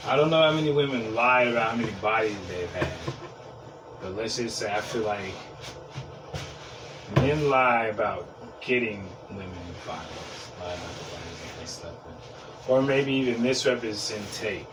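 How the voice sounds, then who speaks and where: A man's voice: on the low side, animated, moderate pace. Blunt, profane man ranting off-mic. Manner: blunt, profane, rambling storytelling. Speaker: podcast host. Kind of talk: casual solo podcast rant. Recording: distant mic with clear background noise.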